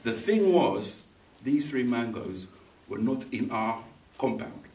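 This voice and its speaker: A man telling a funny personal story to a club audience, animated and now and then acting out the voices of the people in it. He sounds a little far from the microphone in an echoey room, with a faint noise behind him. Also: mid-range voice, slow. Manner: animated, acts out voices in the story, laughs along. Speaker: speaker at a speaking club. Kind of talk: humorous personal storytelling speech. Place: meeting room.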